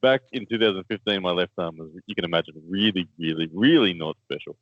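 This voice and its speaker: A man's voice: sits low, animated, fast, no room sound, lo-fi sound. A man with an Australian accent, co-hosting a casual chat and telling a story, laughing often and repeating words as he goes. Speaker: co-host, armwrestler.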